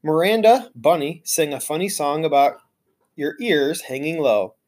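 A reader narrates a children's chapter book aloud with lively expression. The voice sits at a middle pitch and carries the story along with an engaging storytelling manner. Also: a little slow.

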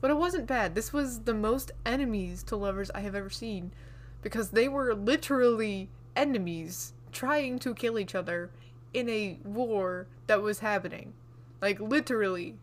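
A woman co-hosting a podcast in casual book chat, gushing and chatty, often restarting her sentences. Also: mid-range voice. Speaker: podcast co-host.

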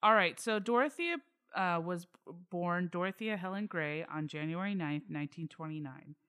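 A woman co-hosting a casual true crime podcast, her voice a bit low and very smooth. She tells stories and acts out quoted lines as she goes. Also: normal speed, no echo. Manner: animated storyteller, acts out quotes. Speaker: podcast co-host. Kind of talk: casual chat.

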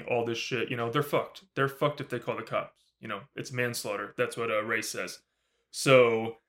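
A man co-hosting a podcast, recapping a horror film in casual, animated talk, swearing often and acting out the characters' lines. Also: mid-range voice. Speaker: podcast co-host. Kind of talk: casual movie review recap.

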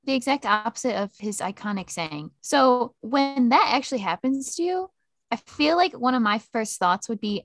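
A woman's voice: a little high, lively intonation, moderate pace, a bit bright, dry recording. A woman co-hosting a casual chat, reacting with teasing interjections. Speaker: podcast co-host.

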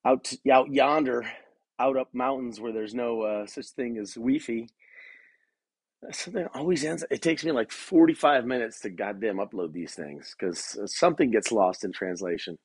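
Pacing his bedroom, a young podcast host talks in a mid-range, slightly rough voice at a moderate pace, recorded dry. His style is laid-back and meandering, heavy on swearing and on "man" and "dude."

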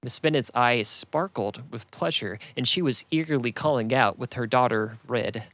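A man's voice: mid-range voice, moderate pace, fairly bright tone, no echo. A man reading a classic novel aloud as a plain audiobook narration, voicing the characters only lightly. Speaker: reader.

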